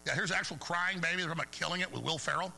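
A man's voice: fairly high pitch, racing, gravelly, bright, forceful tone, a little hiss or hum, rough recording. A man hosting a talk radio show, speaking in a heated, rambling monologue that stumbles over repeated words.

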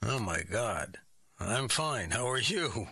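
Bright-voiced man hosting a guessing game. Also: fairly low pitch, big pitch swings, slow pace, breathy edge. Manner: curious, probing questions with puzzled reactions. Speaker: game show host. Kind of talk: comic radio game show hosting.

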